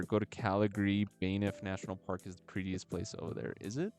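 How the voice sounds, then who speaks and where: A male streamer talks casually over a game, his voice sitting a little low. He jokes and stumbles cheerfully as he reads text aloud. Soft music plays faintly in the background. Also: sing-song, normal speed, few pauses. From United States. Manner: chatty, joking, fumbles while reading aloud. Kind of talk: casual chat while gaming. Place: at home, gaming live. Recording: music playing faintly behind.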